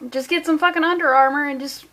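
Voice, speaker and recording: A woman's voice: high-pitched, fairly even intonation, fast, fairly bright tone. A woman reviewing a comic book in a casual, sarcastic, rambling way, full of jokey asides. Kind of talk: casual comedic commentary.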